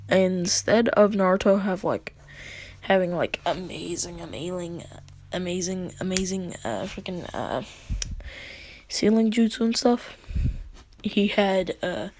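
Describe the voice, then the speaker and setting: A woman's voice: fairly low pitch, animated, unhurried, long pauses, darkish tone, a little hiss or hum. A woman casually narrating a fan story, half-whispering, with crude jokes and lots of fillers.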